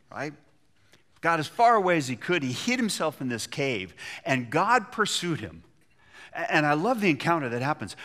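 A man preaching a sermon, retelling Bible stories with animated storytelling and acted-out voices. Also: medium pitch. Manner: animated storytelling, acting out voices of biblical figures. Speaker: pastor.

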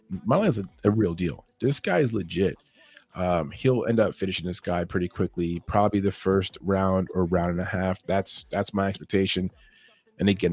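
A man's voice: fairly low pitch, darkish tone, husky, no room sound. A man giving a casual, loose breakdown of fight betting lines in podcast style, restarting his sentences often. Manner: talks fast and loose, restarts often, chuckles at his own points. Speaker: MMA betting analyst.

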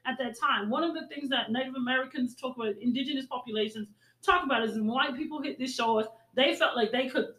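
A woman's voice: high voice, quick pace, hardly any pauses, fairly bright tone, echoey room, rough recording. A woman co-hosting a heated casual discussion, talking emphatically and repeating her points for stress. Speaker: podcast co-host.

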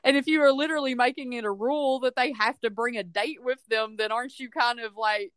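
A woman co-hosting a casual movie review podcast, opinionated and animated, often acting out quotes. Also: fairly high pitch, brisk, no echo, clean studio sound. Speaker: podcast co-host.

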